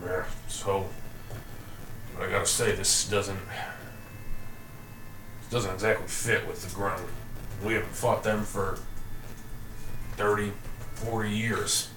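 A man voicing a gruff, blunt old male townsman with a low, folksy drawl, recorded in a roomy space from a distance. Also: flat delivery, takes it slowly, long pauses, noisy background. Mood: grumbling. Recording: roomy echo, distant mic.

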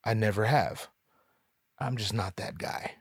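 A man's voice: fairly low pitch, measured pace, breathy edge, no room sound, studio quality. A man, a musician and photographer, telling a comic story in a rambling, profane, self-mocking way. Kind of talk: comedic storytelling.

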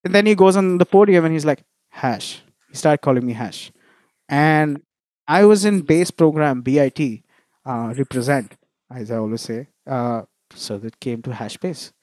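A man's voice: fairly high pitch, moderate pace, a little mellow, no room sound, clean studio sound. A young man from India, a musician telling stories in a casual interview, laughing often and restarting phrases. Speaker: musician guest.

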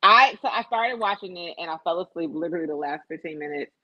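A woman in casual chat who tells stories with lots of swearing and laughter. Her voice swings widely in pitch as she gets into the retelling. The recording is dry and a little muffled. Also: fast, no echo. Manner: animated, profane storytelling with lots of laughter.

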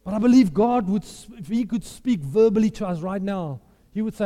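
High-voiced preacher in a hall. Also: male voice, a little fast. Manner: animated storyteller, laughs often, acts out quotes. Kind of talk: sermon. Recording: echoey hall reverb.

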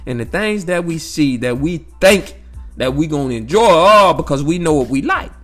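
A vlogger with a high-leaning voice shares his views on life in a casual, profane monologue aimed straight at listeners, speaking at a moderate pace. He's animated and repetitive, circling back to the same phrases and tossing in "you know what I'm saying" often. Faint music plays behind him.

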